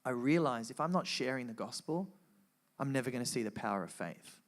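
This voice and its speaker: A man telling an emotional personal testimony to a live audience, earnest and animated, with frequent restarts. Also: mid-range voice, a little fast. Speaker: guest speaker sharing testimony.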